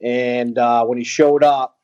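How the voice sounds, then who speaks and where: A man, a veteran, telling a personal story as an interview guest, earnest and halting, with frequent pauses and restarts. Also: medium pitch, level tone, a little mellow, muffled recording. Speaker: guest, veteran who runs an outdoor organization for veterans.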